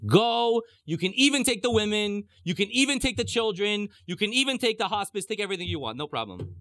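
An indignant king of Egypt, as a man acts him out in a teacher's retelling, haggling in short, wheedling jabs. His voice sits a little high and leaps wildly in pitch. The sound is close and dry. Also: huge pitch swings, brisk, no room sound. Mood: pleading.

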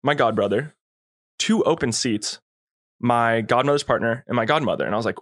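A man's voice: mid-range voice, brisk, fairly bright tone, dry recording, studio quality. A young man, a podcast guest, telling a long story in a laid-back, slangy way and acting out quotes. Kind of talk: casual storytelling.

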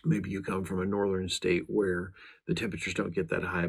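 Male chaplain host, very low gravelly voice, earnest and meandering casual talk to camera. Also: little pitch movement, a little fast. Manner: earnest, meandering, with frequent restarts. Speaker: law enforcement chaplain and podcast host.

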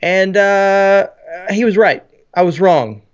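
A man who is a pastor and podcast co-host, talking in an energetic, joking way. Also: high voice, slow pace, muffled recording. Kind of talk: podcast conversation.

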